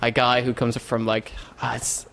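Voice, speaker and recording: A man's voice: medium pitch, monotone, normal speed, vocal fry, a bit bright. A young man from France with a French accent, a podcast guest explaining things casually with lots of fillers. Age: young adult. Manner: explains at length with many fillers. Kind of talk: casual chat.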